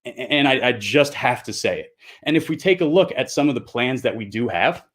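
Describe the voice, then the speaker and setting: A man's voice: mid-range voice, lively intonation, a little fast, a bit bright. A man, co-founder of a project, hosting a live stream and talking earnestly, growing heated and insistent, with frequent restarts. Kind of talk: unscripted livestream monologue.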